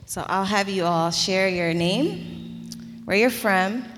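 A woman moderating a student panel, introducing the panelists and asking questions in a clear, formal way. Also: mid-range voice, takes it slowly, background noise. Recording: reverberant hall.

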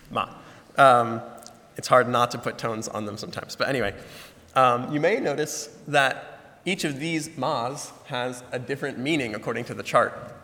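A young man with a bright, crisp tone walks the room through each point one step at a time and voices examples aloud. The lecture hall adds a long, ringing echo to his words. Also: medium pitch. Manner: explains step by step, demonstrating sounds. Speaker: student presenter. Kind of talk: explanatory class presentation. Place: lecture room with large slides. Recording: reverberant hall sound.

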